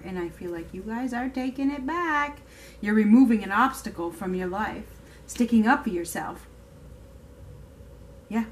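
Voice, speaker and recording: A woman's voice: mid-range voice, a little hiss or hum. A woman giving a casual tarot reading to her viewers, chatty and emphatic, now and then swearing. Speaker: tarot reader.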